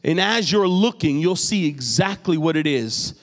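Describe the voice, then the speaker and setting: A New England pastor delivers a sermon at normal speed in a high, bright voice. He's an animated, joke-loving storyteller of a preacher, and his voice rings through a large hall with a long echo.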